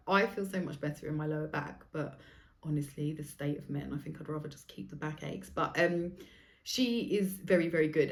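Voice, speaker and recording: A woman, hosting a podcast and telling stories in a chatty way that is full of swearing. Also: sits low. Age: 40s. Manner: chatty, swears freely, acts out other people's lines. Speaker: podcast host. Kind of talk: casual storytelling monologue.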